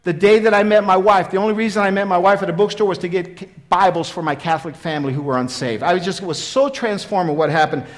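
A man in his fifties preaching a sermon, telling his own story in an earnest, repetitive way that swings from loud emphasis to quiet. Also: sits high, fast talker, hardly any pauses. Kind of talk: sermon with personal testimony.

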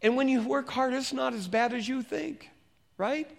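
A man preaching as a pastor, reading scripture slowly and turning to the congregation with conversational questions. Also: very high voice, vocal fry. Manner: reads scripture slowly and deliberately.

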